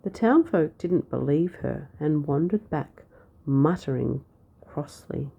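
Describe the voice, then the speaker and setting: A woman reading a children's storybook aloud, with a lively, expressive delivery. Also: deep voice, slow, gravelly, breathy edge, narrow, tinny audio. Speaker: storybook narrator.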